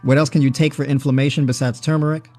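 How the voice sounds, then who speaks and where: A man's voice: mid-range voice, little pitch movement, fast talker, a little mellow, faint music behind. Joking livestream host, man. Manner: joking, conversational, tags with "right?" and "you know". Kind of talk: casual livestream chat on diet. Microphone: personal mic.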